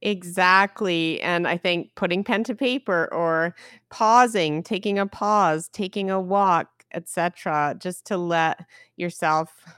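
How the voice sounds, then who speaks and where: A woman hosting an interview, calm and reflective as she asks questions and adds her own thoughts. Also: on the low side, unhurried, smooth, no echo, studio quality. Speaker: host.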